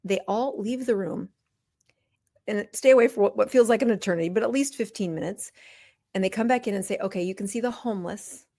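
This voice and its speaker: Gravelly-voiced woman doctor telling her story. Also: mid-range voice, brisk, no room sound. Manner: candid, lively storytelling that acts out quoted exchanges. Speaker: physician guest. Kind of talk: personal storytelling in a podcast interview.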